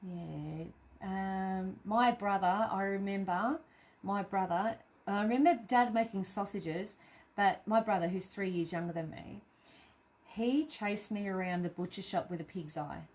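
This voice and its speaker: A woman's voice: medium pitch, a little slow, darkish tone. An Australian woman hosting a live craft stream, chatting casually and reading out viewer comments, laughing often and swearing cheerfully.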